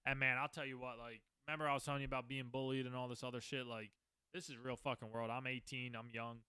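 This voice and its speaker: He talks fast with a flat delivery, his medium-pitched voice bright, forceful, clear, and resonant, with no echo. The man, in his twenties, hosts a podcast and tells his own story casually, rambling, candid, and profane.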